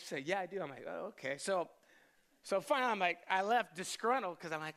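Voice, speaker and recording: A man in his thirties, a pastor telling a lively personal story in a sermon and laughing often as he goes. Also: sits high, fast talker. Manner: animated storyteller, self-deprecating, laughs often.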